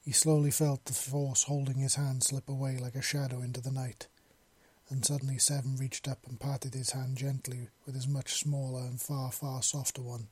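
Husky man narrating a story. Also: medium pitch, flat delivery, moderate pace, a little mellow, dry recording.

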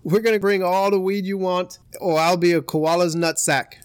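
A man voicing a brash, loudmouthed male Australian surfer with an Australian accent, taunting and swaggering. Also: high-pitched, fairly even intonation, moderate pace, clear, resonant tone, dry recording, clean studio sound, natural voice.

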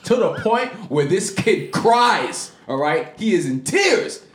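Man, podcast host, casual storytelling, lively swooping pitch, slightly high voice, echoey room. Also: slow. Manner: animated, swings into high-pitched voices for quoted people. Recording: roomy echo.

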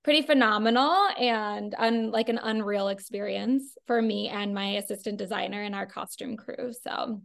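A woman's voice: medium pitch, moderate pace, creaky, few pauses. A woman telling stories as a costume designer guest, chatty and full of fillers. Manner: chatty, filler-heavy with frequent "like". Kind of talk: casual interview storytelling.

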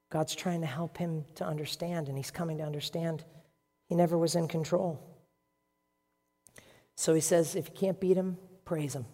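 A man's voice: a little high, warm tone, big-room sound. A man preaching a sermon as pastor, telling stories in an earnest, emotional way.

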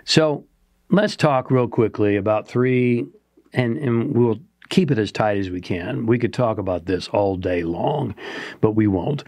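A man's voice: lowish voice, darkish tone, no echo. Earnest preacherly man, dry close sound. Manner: earnest, preacherly, asks rhetorical questions. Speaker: podcast co-host. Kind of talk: motivational talk.

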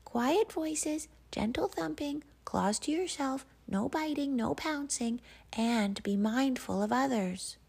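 A woman doing a squeaky chorus of tiny lemmings. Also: animated, takes it slowly, gravelly, darkish tone, breathy edge, heavily acted. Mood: chanting. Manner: sing-song chanting. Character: chorus of tiny lemmings and animals reciting rules.

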